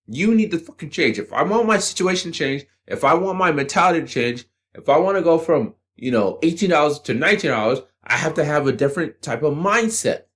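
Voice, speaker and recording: Male channel host, profane motivational monologue, confrontational, animated pitch. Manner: blunt, combative, swears freely. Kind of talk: profane motivational rant to camera.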